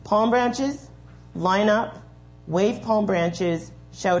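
A woman's voice: medium pitch, extremely slow, darkish tone. A woman leading a children's sermon in a church, patiently explaining and giving step-by-step instructions. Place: church sanctuary.

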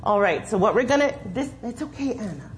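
A woman's voice: on the high side, lively intonation, fairly quick. A woman leading a children's sermon in a church, patiently explaining and giving step-by-step instructions. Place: church sanctuary.

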